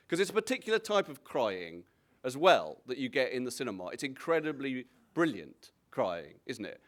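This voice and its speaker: A man, a comedian, telling anecdotes in a relaxed, reflective way, often restarting his sentences. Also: medium pitch. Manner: rambling, self-interrupting, reflective. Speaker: guest comedian.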